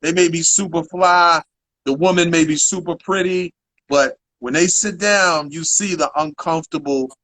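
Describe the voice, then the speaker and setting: A man hosting a casual interview, agreeing often and asking about the guest's career in relaxed slang. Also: fairly high pitch, normal speed, poor audio. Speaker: interview host.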